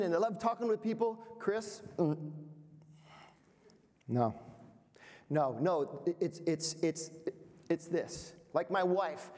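A man in his fifties giving a motivational seminar talk to business owners, playful and self-deprecating, quizzing the audience. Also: high-pitched. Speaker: speaker at a business workshop. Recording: reverberant hall sound.

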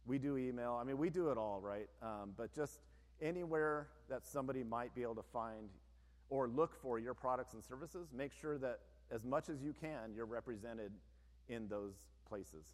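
A man's voice: mid-range voice, normal speed. A man who owns a business, giving an informal, plain-spoken presentation to an audience, with frequent conversational asides. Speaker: business owner giving a talk. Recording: long reverb of a large hall.

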